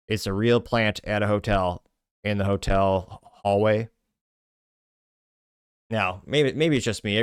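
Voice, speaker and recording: A man's voice: fairly low pitch, clean tone, no room sound, clean studio sound. A man hosting a podcast, casually reading social media comments aloud in a stumbling, self-deprecating way with frequent restarts. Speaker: podcast host.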